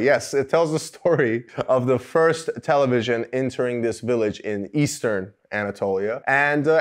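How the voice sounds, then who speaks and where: A man hosting a film-review talk to camera, rambling with sarcastic jokes and asides. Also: mid-range voice. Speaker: show host reviewing films.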